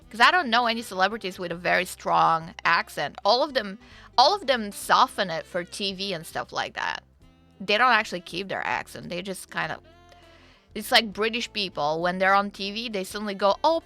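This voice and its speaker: A woman's voice: medium pitch, sharp tone. A woman chatting casually on her livestream, joking and teasing herself as she plays. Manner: chatty, jokey, self-deprecating. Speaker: streamer.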